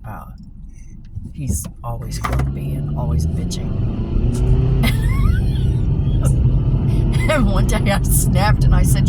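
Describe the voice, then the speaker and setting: Woman vlogger, foul-mouthed and blunt, lively delivery, recorded driving with road noise. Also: very deep voice, slow, pauses often. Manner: blunt, profane, laughs often. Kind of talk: casual storytelling vlog. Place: inside a car while driving. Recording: steady car noise behind. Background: road and engine noise.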